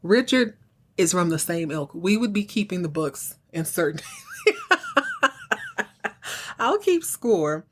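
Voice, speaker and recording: Animated woman recapping a TV episode. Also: on the low side, slow pace, long pauses, slight background noise. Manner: animated storyteller, acts out characters' lines. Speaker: podcast host.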